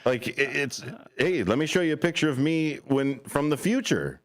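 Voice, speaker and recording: A man's voice: a little high, animated, normal speed. A man co-hosting a local radio show in a studio, joking around and reading listener messages. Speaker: radio co-host. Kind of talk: casual radio banter.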